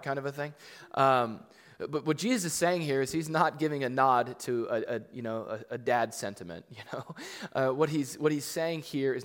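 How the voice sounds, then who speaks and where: A man's voice: medium pitch, steady tone, fairly quick. Preaching man in an echoing hall. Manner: conversational, rising to emphatic points, frequent fillers. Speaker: pastor. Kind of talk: sermon. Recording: long echo of a large hall.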